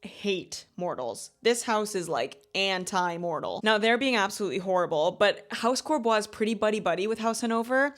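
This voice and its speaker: A woman's voice: mid-range voice, lively intonation, moderate pace, hardly any pauses. A woman in her thirties hosting a casual book club review, chatty and gushing, full of filler words. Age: 30s.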